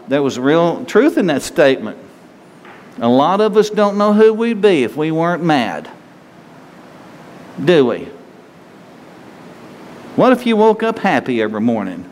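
A pastor preaching a sermon in a conversational way, full of rhetorical questions. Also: male voice, fairly high pitch, darkish tone. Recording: long reverb hall, faint noise.

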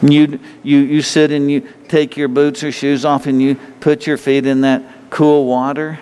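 Us preacher guy, rambly, keeps restarting, slightly high voice, big echoey hall. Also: flat delivery, a little slow, warm tone, clear, resonant tone. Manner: rambling, repetitive, with frequent restarts. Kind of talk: informal sermon. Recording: long hall reverb.

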